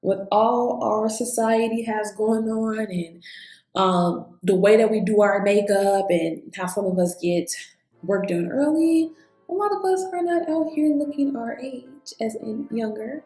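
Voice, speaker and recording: A woman's voice: on the high side, measured pace. Chatty woman vlogging in an echoey room. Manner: chatty, animated storyteller, talks straight to viewers. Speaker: beauty vlogger. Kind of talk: casual chat while doing makeup. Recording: echoey room with faint background music.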